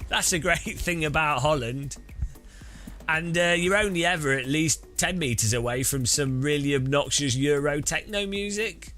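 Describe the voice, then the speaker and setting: A man's voice: on the high side, a little slow, sharp tone, faint music behind. A man casually chatting on a sim-racing live stream, joking and rambling as he reads chat aloud.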